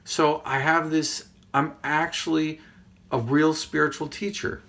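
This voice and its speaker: Man, spiritual teacher, rambling casual monologue, gravelly, laughs a lot. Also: a little high, unhurried. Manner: excitable, laughing, rambling with many fillers.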